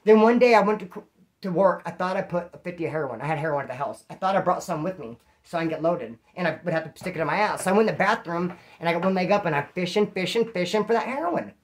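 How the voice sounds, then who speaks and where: Fast-talking profane man telling prison stories. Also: high-pitched. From California. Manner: profane, rambling, self-mocking, talks to viewers directly. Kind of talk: casual storytelling monologue.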